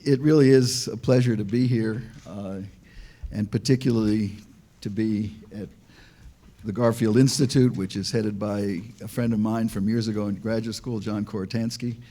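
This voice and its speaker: Older male ex-diplomat on a panel, warm mellow tone, wry storyteller who trips over his own words. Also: lowish voice, steady tone, moderate pace. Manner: dry joking, tells anecdotes, frequent restarts. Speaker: panel speaker, former diplomat. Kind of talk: public talk at an institute.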